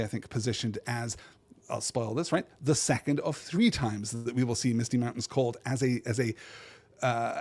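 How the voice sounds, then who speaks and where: A man with a voice of ordinary pitch hosts a literary podcast. He thinks aloud in a digressive way, restarts phrases and keeps asking "right?" as he works through his points. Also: darkish tone, breathy edge. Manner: reads verse aloud in measured cadence. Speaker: podcast host.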